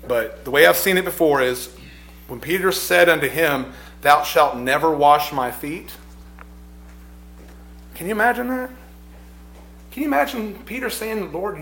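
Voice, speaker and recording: A man's voice: fairly high pitch, animated, a little slow, long pauses, a bit bright, roomy sound. A man preaching a sermon, reflective and repeating his phrases, rising with emphasis on key points.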